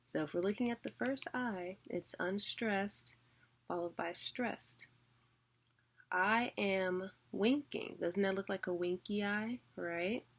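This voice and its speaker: A woman's voice: mid-range voice, unhurried. A woman teaching a casual online lesson, chatty and full of fillers as she explains things visually.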